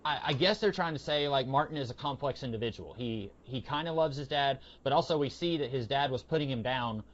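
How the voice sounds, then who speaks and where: In a casual comic book review chat, a podcast co-host with a mid-range voice rambles along with lots of fillers. He keeps slipping into quick quoted lines of what people said. The audio sounds somewhat muffled and lo-fi.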